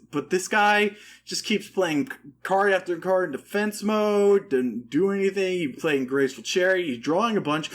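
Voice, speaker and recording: A man co-hosting a podcast, chatting casually with rambling, self-deprecating jokes. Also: high voice. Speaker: podcast co-host. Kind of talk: casual comedic chat.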